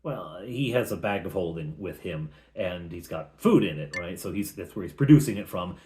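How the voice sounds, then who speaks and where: A man's voice: low voice, animated, normal speed, darkish tone, roomy sound, slight background noise. A man, a game master, recapping a tabletop campaign in a chatty, casual storytelling way with conversational asides.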